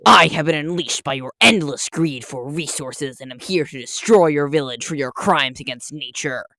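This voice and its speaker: A woman's voice: low voice, normal speed, bright, forceful tone, no echo, pitched below the performer's own voice. Woman voicing a vengeful male nature spirit. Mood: menacing. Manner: solemn, menacing threats.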